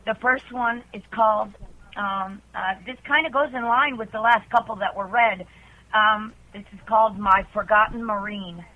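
A woman's voice: medium pitch, steady tone, normal speed. A woman caller on a call-in show, reading her own poems in an earnest, chatty way. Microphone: telephone. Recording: tinny phone line.

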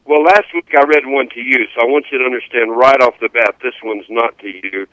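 A man's voice: mid-range voice, fairly quick, bright, forceful tone, dry recording. A man calling in to a radio show, chatting folksily and then reading his own poem. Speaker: caller. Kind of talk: reading a poem over the phone. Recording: tinny phone line.

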